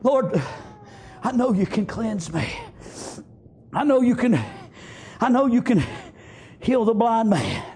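A preacher voicing a desperate old leper. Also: male voice, extremely high pitch, very animated, slow pace, long pauses, mellow, slightly rough, pitched above the performer's own voice, exaggerated voice. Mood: pleading. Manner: begging, repeating "Lord" and "I'm unclean". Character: pleading ragged old male leper, desperate.

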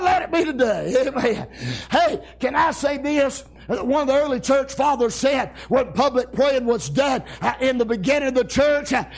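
A man preaching a revival sermon, hollering amens and shouting with exuberant celebration. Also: extremely high pitch.

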